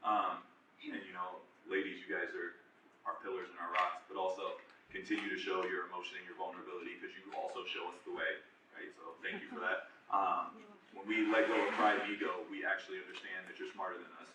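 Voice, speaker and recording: A man in his twenties giving a casual, animated personal testimony as guest speaker at a church group. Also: sits low, a little fast, background noise. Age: 20s. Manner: casual, conversational, animated retelling with slang. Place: large echoey room at a church singles group. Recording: echoey room, voice from far off.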